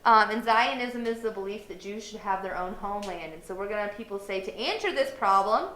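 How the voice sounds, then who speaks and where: A woman's voice: mid-range voice, animated, brisk, bright, forceful tone, slight background noise. A woman history teacher giving a casual, chatty classroom lecture. She often acts out quoted lines in a playful way. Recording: echoey classroom.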